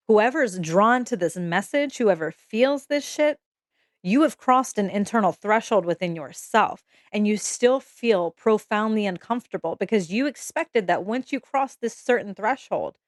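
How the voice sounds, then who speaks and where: A woman's voice: mid-range voice, dry recording, clean studio sound. Emotional young woman giving a tarot reading. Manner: emotional, intimate, swears casually, repeats "okay?". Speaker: tarot reader. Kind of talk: casual spoken tarot reading.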